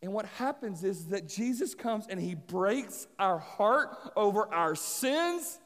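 A man preaching a sermon, telling a parable in an animated, dramatic way that swings from loud to hushed. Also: high-pitched, slow, in a large hall. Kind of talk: sermon storytelling.

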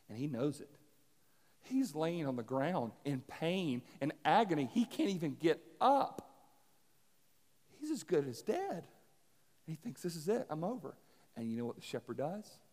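A man preaching a sermon, telling a parable in an animated, dramatic way that swings from loud to hushed. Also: mid-range voice, long reverb tail. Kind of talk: sermon storytelling.

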